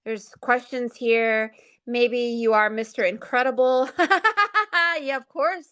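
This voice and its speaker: A woman who gives spiritual readings talks in a loose, chatty and affectionate way during a casual livestream. Her voice sits slightly high. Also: steady tone, takes it slowly, a bit bright, clear, resonant tone. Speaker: psychic reader and guest.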